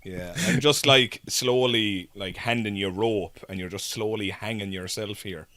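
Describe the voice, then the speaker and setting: A man in a casual group chat, ribbing a friend in a dry, drawn-out way. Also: lowish voice, sharp tone, dry recording. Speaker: podcast guest.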